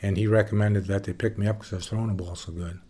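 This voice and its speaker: A man being interviewed, telling stories from his years as a baseball pitcher in a relaxed, folksy way with some plain swearing. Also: fast talker, breathy edge. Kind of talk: casual storytelling interview.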